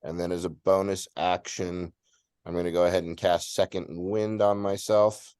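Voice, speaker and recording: A man's voice: low-pitched, level tone, moderate pace, a little mellow, clean tone, no room sound, studio quality. A man playing a tabletop game, stating his moves in a matter-of-fact way. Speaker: player.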